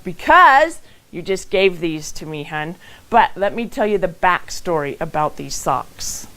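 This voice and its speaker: A middle-aged woman giving a motivational talk from her own home and telling stories with lively acted quotes. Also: mid-range voice, clean tone, poor audio. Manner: animated storytelling with acted quotes. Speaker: motivational speaker hosting a live event. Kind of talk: live-streamed motivational talk.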